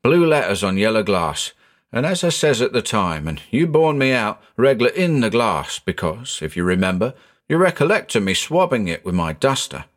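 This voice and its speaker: A man's voice: on the low side, sing-song, normal speed. A man voicing a chatty working-class male tram conductor who rambles in thick dialect, in a storybook reading. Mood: aggrieved.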